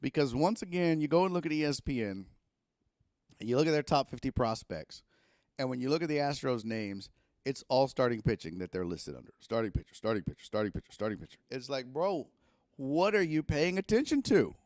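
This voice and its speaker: A man hosts a loose sports talk stream, cursing and rambling as his pitch rises and falls a lot. The sound is dry and close, from a microphone plugged into a camera. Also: brisk, dry recording. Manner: profane, animated rambling. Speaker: sports talk show host. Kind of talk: casual sports talk livestream.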